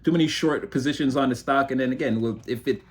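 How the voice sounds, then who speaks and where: A man giving a casual tarot reading, excitable and giggly, talking in a rambling rush that keeps breaking into laughter. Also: mid-range voice, fast. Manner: excitable, giggly motor mouth. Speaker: tarot reader.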